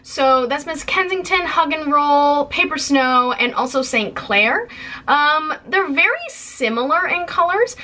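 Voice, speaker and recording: In her twenties and from Canada, this young woman vlogger chats casually on camera about her haul of things she bought and received. Her high voice is expressive, bright and forceful, a little slow, and bubbly with lots of fillers.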